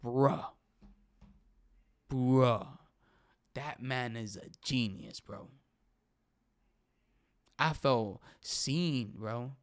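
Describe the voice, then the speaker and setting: A young man hosting a casual talk show, excitedly giving his opinions, switching between English and Spanish and saying "bro" all the time. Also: medium pitch, extremely slow, pauses often. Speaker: podcast host.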